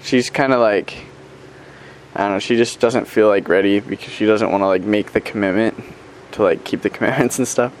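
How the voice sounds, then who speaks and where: A man's voice: on the low side, fairly quick, slight background noise. Chatty young male missionary. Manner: chatty, upbeat, full of fillers and "like". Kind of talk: casual video update.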